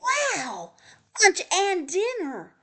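A woman's voice: very high-pitched, huge pitch swings, extremely slow, fairly bright tone, voice pushed up, heavily acted. A woman doing Hickory, a screeching squirrel. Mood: squabbling. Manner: screeching and snappy. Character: squabbling greedy male squirrel. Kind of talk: storybook read-aloud.

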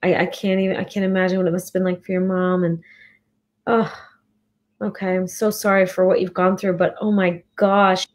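A woman's voice: fairly low pitch, little pitch movement, brisk. A woman hosting an interview, reacting with sympathy and many exclamations before asking her guest questions. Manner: empathetic, lots of exclamations. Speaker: interview host. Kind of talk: casual interview.

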